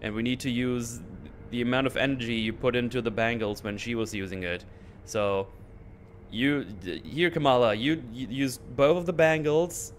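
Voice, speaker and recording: Male host, casual sarcastic rant, average pitch, faint background hum. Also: moderate pace. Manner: animated, sarcastic, mocking voices. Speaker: channel host. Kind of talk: casual ranting recap.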